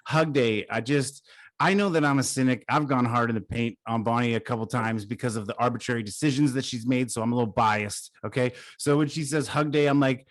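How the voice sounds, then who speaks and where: Male comedian co-host, profane ranter, mid pitch, dry recording. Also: a little fast, dry recording. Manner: profane, worked-up ranting. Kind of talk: casual podcast banter.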